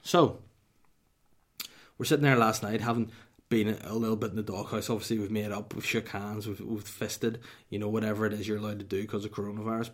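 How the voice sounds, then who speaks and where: A young Northern Irish man hosting a podcast, telling a comic story in a sweary, mock-dramatic way and dropping to a whisper for punchlines. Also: on the low side. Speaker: podcast host.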